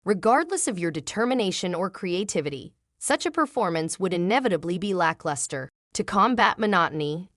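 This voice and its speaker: A woman's voice: medium pitch, dry recording, clean studio sound. A woman narrating a book summary in a polished, scripted reading without fillers.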